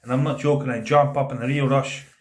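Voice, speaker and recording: A man tells a personal story on a vlog. He speaks earnestly, stumbles and repeats words, and often drops to a quieter voice when quoting people. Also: mid-range voice, level tone, fast talker. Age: 30s. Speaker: vlogger telling a personal story. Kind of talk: casual spoken storytelling.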